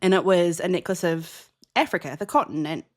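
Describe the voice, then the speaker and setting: A young woman from New Zealand with a New Zealand accent, co-hosting a podcast and telling a lively story in casual chat, jumping higher when she acts out dialogue. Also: fairly quick. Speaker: podcast co-host.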